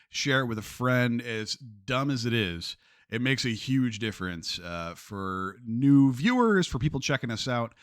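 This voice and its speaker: Upbeat male podcast host, bright tone, dry close mic, joking and animated. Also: mid-range voice, clear, resonant tone, no echo. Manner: lively, joking, with restarts. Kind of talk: casual podcast chat.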